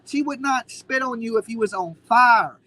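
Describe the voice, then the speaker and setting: A man's voice: very high voice, moderate pace, sharp tone, no echo, rough recording. A man hosting a live stream, ranting in a mocking, combative way. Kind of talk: heated casual commentary.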